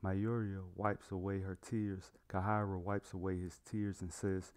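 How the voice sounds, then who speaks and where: A man narrating a fantasy story in a plain, even read-aloud manner. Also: sits low, measured pace. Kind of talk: storybook reading.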